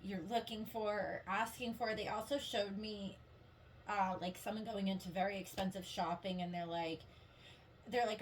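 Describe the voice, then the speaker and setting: A woman's voice: medium pitch, moderate pace, slight background noise. Chatty woman giving a tarot reading. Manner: chatty and rambling, heavy use of "like"; giggly, upbeat and encouraging. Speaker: tarot reader. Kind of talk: casual tarot reading to viewers.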